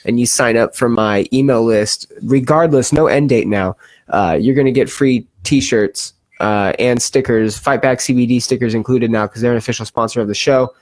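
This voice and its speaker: A man's voice: mid-range voice, moderate pace, darkish tone, no room sound. A young adult man hosting a podcast, chatting casually and reading a sponsor spot in a rambling, joking, profane way. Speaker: podcast host.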